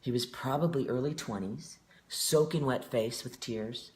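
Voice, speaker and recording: A man's voice: medium pitch, a little slow. A man in his forties, a stage performer telling stories in an interview with a heartfelt, earnest manner. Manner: heartfelt, earnest, emotionally open. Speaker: guest performer. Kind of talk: storytelling in an interview.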